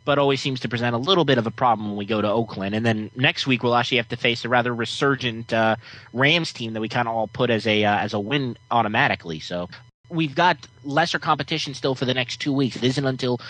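A man's voice: medium pitch, quick pace, a bit bright, no room sound, rough recording. A man hosting a sports podcast, chatting casually and teasing callers. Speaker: podcast host.

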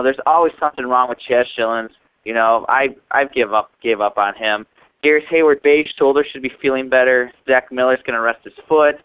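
A man's voice: medium pitch, smooth, dry recording. Male caller ranting over a phone line. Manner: casual, frustrated rambling. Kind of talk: phoned-in voicemail to a fan show.

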